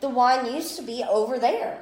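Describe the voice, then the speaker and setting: Woman co-host, animated storyteller, echoey room. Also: on the high side, normal speed. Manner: animated storyteller, acts out quotes. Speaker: podcast co-host. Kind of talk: casual chat.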